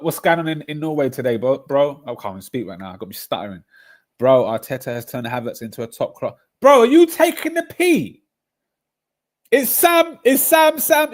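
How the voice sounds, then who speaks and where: Young man, football fan streamer, animated banter, stuttering restarts. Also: on the low side. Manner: animated slang-heavy banter, stuttering restarts, sudden loud outbursts. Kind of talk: casual chat reacting to chat messages.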